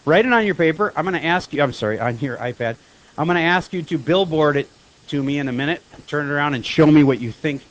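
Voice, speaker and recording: A man teaching a high school math class, lecturing in a chatty way and firing quick questions at his students. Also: lively intonation, poor audio.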